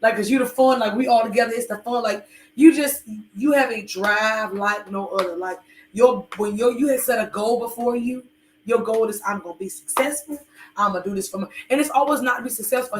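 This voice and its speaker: A woman's voice: a little high, echoey room, slight background noise. A woman co-hosting a podcast, chatting candidly with her husband and rambling with many fillers. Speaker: podcast co-host. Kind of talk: casual chat with her husband.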